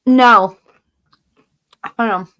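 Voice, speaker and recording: A woman's voice: a little high, takes it slowly, fairly bright tone. A woman hosting a casual live-stream chat, loose and blunt with slang and mild cursing. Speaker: livestream host.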